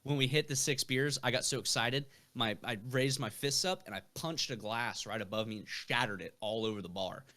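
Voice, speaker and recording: A young man on a podcast who tells long, rambling stories, peppered with fillers and profanity. His voice is bright and forceful, at an ordinary pitch for a man. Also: fairly quick, hardly any pauses. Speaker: podcast guest. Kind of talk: casual storytelling.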